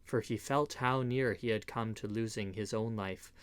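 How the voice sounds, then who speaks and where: A man narrating an old-fashioned adventure story, reading it aloud in a measured, expressive way. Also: lowish voice, clean tone, no echo. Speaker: audiobook reader.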